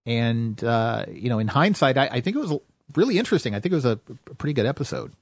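A man's voice: medium pitch, animated, fast, dry recording. An American man hosting a casual podcast chat, rambling with lots of fillers and restarts. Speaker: podcast host.

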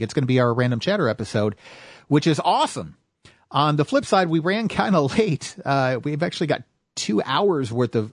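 A man's voice: medium pitch, no echo. An American man hosting a casual podcast chat, rambling with lots of fillers and restarts. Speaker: podcast host.

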